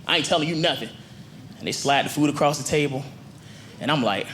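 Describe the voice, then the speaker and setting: A man's voice: on the high side, fast talker, over a noisy crowd. A man doing a stand-up set on a comedy club stage, chatty and slangy, talking into a handheld mic. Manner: animated, conversational, slangy. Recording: live club with audience noise.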